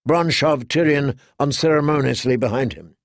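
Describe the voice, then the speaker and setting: A man reading a fantasy audiobook in a measured, steady manner. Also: medium pitch, no room sound, studio quality. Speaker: audiobook narrator. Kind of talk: scripted fantasy narration.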